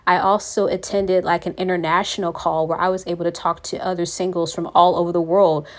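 A woman's voice: fairly low pitch, level tone, a little fast. A woman hosting a faith podcast, talking in an earnest, preachy way and calling her listeners "you all". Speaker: podcast host.

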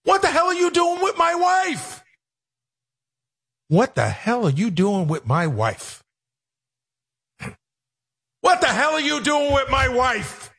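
A man putting on a shrill, squawking impression of a famous comedian yelling. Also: wildly swooping pitch, takes it slowly, creaky, pauses often, slightly rough, full character voice. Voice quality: screechy.

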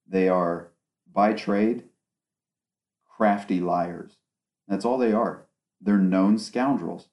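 A man's voice: fairly low pitch, darkish tone. Sarcastic man ranting on a podcast. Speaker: podcast host. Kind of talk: solo casual podcast talk. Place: small home studio. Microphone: one omnidirectional microphone.

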